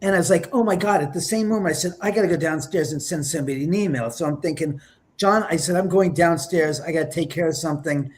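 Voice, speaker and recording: A man telling paranormal stories in an interview, lively and acting out the voices he quotes. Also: a little high, quick pace. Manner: lively, acts out quotes with whispers and exclamations. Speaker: paranormal investigator guest. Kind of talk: animated storytelling in an interview.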